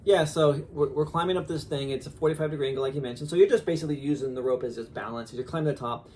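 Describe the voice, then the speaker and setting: A man in his thirties, a father, telling a story casually on a podcast in an animated way with lots of fillers. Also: fairly high pitch, racing, slight background noise. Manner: animated, laughing, lots of fillers and quoted asides.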